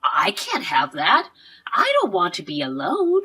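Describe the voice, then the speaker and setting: A selfish, greedy older mother-in-law, put on by a woman storyteller, whines and begs in a slightly lowered voice. Her tone stays husky and breathy, swinging widely in pitch. The delivery is unhurried and self-pitying. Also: huge pitch swings, bright, forceful tone, heavily acted. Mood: pleading. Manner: pleading, whiny, self-pitying.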